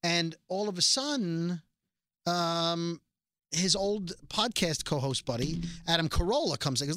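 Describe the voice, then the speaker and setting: A male podcast host tells long, winding stories and corrects himself as he goes. His voice is bright and fairly high, and it sounds close and dry. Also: lively intonation, a little slow, no room sound. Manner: rambling, self-correcting storyteller. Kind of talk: casual chat.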